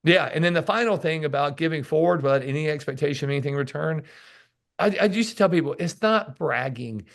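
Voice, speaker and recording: A man's voice: a little high, fast, vocal fry. A man talking as a guest in a casual interview, telling emphatic stories and acting out what people say to him. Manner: animated storyteller who acts out what people say; emphatic and preachy, repeats key words. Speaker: podcast guest, sales author.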